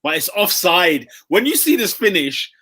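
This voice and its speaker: A young man, chatting casually about football as a podcast co-host, animated and full of slang. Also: high-pitched, normal speed. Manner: animated, slangy, laughs often.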